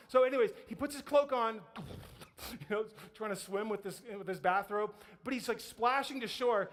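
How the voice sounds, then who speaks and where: A high-voiced male pastor preaches and tells a story with lively energy. He acts out the voices of the people in the story and laughs often. His voice rings with the long reverb of a church hall. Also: moderate pace. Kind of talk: sermon. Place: church sanctuary.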